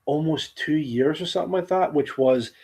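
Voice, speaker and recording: A man with a soft central-belt Scottish accent hosting a casual podcast, easygoing and quick to laugh. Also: fairly high pitch, breathy edge. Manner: soft-spoken, laughs often. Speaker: podcast host.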